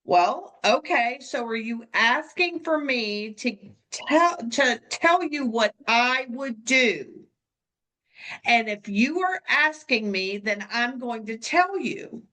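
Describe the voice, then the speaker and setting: A woman's voice: on the high side, animated, slow, bright, forceful tone. A woman co-hosting a podcast as a coach, talking bluntly and animatedly, laughing often. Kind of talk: casual podcast chat.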